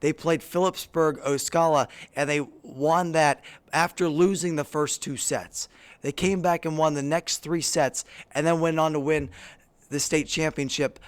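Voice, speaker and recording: A man with a hoarse voice co-hosting a sports podcast in a studio, recapping games play by play. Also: a little high, steady tone, a little slow. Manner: play-by-play recap, addresses co-host by name. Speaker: podcast co-host. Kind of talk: casual sports chat. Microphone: studio microphone.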